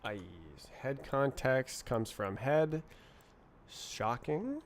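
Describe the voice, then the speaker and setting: A man's voice: medium pitch, lively intonation, drawn-out words, slight background noise. A man streaming live while he programs, muttering to himself and tossing in playful nonsense words. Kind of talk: thinking aloud while programming.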